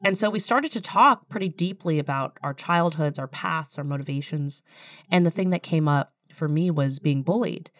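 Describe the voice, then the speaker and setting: A woman founder with a low voice tells her story candidly on a podcast, sometimes moved. The sound is dry and slightly dull, like a close, muffled mic with no room around it. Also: normal speed, no echo. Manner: candid, storytelling, emotional at times. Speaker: startup founder and CEO. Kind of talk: podcast interview.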